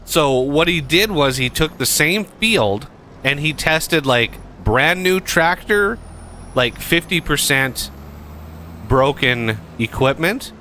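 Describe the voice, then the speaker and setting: Slow, lively-voiced man rambling over gameplay. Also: on the high side, slight background noise. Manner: rambling, full of fillers and restarts. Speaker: gameplay streamer. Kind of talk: casual gameplay commentary.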